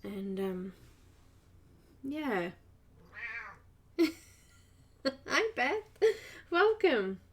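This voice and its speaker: Slow-talking croaky woman. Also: fairly high pitch, very animated. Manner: chatty, greets viewers by name, laughs often. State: slightly croaky. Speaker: art channel host. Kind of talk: live-stream coloring tutorial chat.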